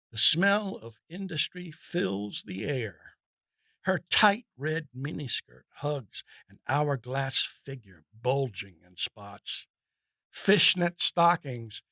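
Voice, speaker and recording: Slow, bright male story reader. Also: fairly high pitch, no room sound, studio quality. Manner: measured, deliberate. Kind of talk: scripted narration.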